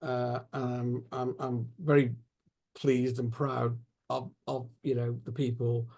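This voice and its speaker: A male interview host who talks in a rambling way, circling round his point while he searches for words. His voice sits at an ordinary middle pitch, and he keeps a relaxed, conversational tone. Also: slow, gravelly.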